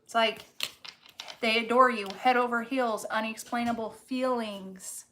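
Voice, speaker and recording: A woman's voice: fairly high pitch, pushed and bright. A woman giving a casual tarot reading, blunt and emphatic, swearing freely and stretching out words for stress. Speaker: tarot reader.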